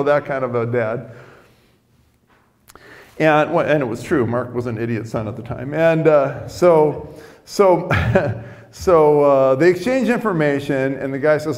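A man's voice: mid-range voice, moderate pace, darkish tone, long reverb tail. A middle-aged man preaching a sermon as a chatty story, often repeating words as he starts his lines. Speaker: pastor. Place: church sanctuary.

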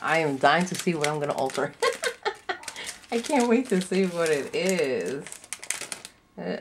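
A woman vlogger gushing with excitement as she unboxes a craft kit, gasping and cooing over each item, sounding a little sleepy. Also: low voice, moderate pace, noisy background. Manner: effusive, breathy gasps and squeals of delight.

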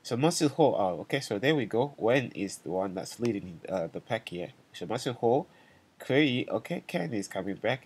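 A man giving a casual language lesson, patiently repeating phrases slowly and checking in with "right?" and "okay?". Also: on the low side, sing-song, slightly rough. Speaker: language teacher.

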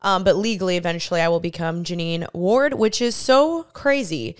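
A woman's voice: lowish voice, normal speed, clean tone. A woman in her twenties hosting a casual solo podcast, chatty and bubbly, laughing often. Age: 20s. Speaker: podcast host. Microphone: studio podcast mic, seen on camera.

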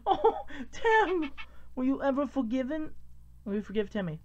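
A woman's voice: high-pitched, sing-song, unhurried, darkish tone, highs cut off, soft background music. A young woman giving casual gameplay commentary, giggling, exclaiming, and reading game text aloud. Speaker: let's play host.

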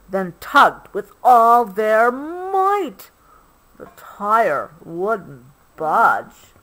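Slow, expressive mom reading a storybook. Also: female voice, mid-range voice, rough recording. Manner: slow, expressive, pauses to explain to the child. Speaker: mother reading to her child. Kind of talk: storybook read-aloud.

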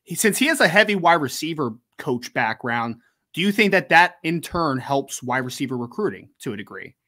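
A man co-hosting a sports podcast, asking a question with a halting, restarting manner. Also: a little high, very animated, sharp tone. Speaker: co-host. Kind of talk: casual podcast chat.

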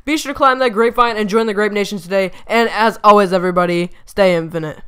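A bright, clean-sounding voice talks casually over gameplay on a desktop USB microphone. The delivery rambles, leans on fillers, repeats the same emphasis, and stumbles now and then. The tone stays smooth and crisp throughout. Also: medium pitch, quick pace. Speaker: gaming YouTuber.

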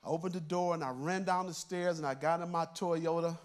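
Older male elder, high-pitched for a man, relaxed conversational sermon storyteller. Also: fairly quick. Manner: conversational, storytelling, chuckles through lines. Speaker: church elder preaching. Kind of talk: sermon told as a personal story.

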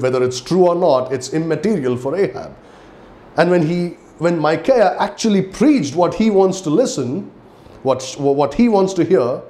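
A man's voice: on the high side, warm tone. A man with an Indian English accent, a pastor preaching a sermon with emphatic delivery and scripture readings. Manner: emphatic preaching, reads scripture aloud with rising intensity.

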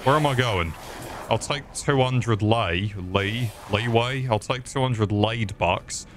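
A young Englishman with a lowish voice riffs through a horror game, sarcastic and quick to swear. He mocks the figures on screen in a jokey let's play, with faint game ambience behind him. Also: background noise. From England. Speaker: gaming youtuber. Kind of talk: comedic let's play commentary.

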